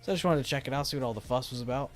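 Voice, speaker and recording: A young man with a medium-pitched voice talks rapid-fire during a stock trading live stream. Faint music sits in the background as he reads chat and speaks loosely with restarts.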